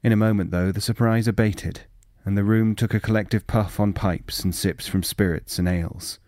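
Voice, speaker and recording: A man narrating a first-person period story in a measured, wry reading. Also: lowish voice, fairly even intonation, darkish tone, no echo, clean studio sound. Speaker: audiobook narrator.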